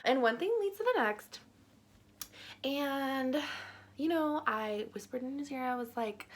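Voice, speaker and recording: A woman's voice: high voice, animated, unhurried, slight background noise. A young adult woman telling a story on her vlog in a chatty, filler-heavy way, often breaking into laughter. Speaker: vlogger.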